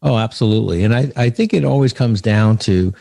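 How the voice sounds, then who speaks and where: A man's voice: on the low side, fairly quick, vocal fry, dark tone, no room sound, clean studio sound. A man being interviewed about leadership, earnest, telling stories with frequent restarts. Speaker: author and leadership speaker, guest. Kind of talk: conversational podcast interview.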